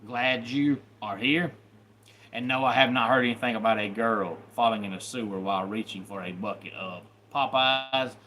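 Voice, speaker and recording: A man's voice: medium pitch, steady tone, normal speed, sharp tone, slight background noise. A man hosting a live stream, greeting viewers by name in loose, chatty talk. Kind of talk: casual live stream chat.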